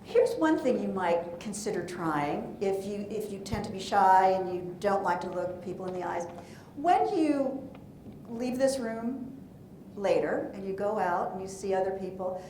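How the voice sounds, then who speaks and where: A woman giving a lively, playful workshop talk in a conference room, asking the audience questions as she coaches. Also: medium pitch, normal speed, reverberant, slight background noise. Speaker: presentation coach.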